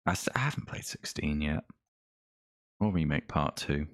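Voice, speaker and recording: A man's voice: a bass voice, expressive, moderate pace. A man streaming a retro racing game, chatting casually with his viewers and reading things aloud with dry comments.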